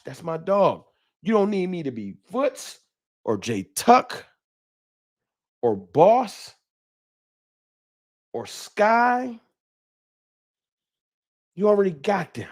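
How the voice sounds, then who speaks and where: A man hosts a fan livestream with fiery, sermon-like trash talk. His voice sits a little high and swoops widely up and down. He breaks off now and then to read viewer chats aloud. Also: very slow, long pauses. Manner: animated, preachy trash talk. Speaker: sports fan show host.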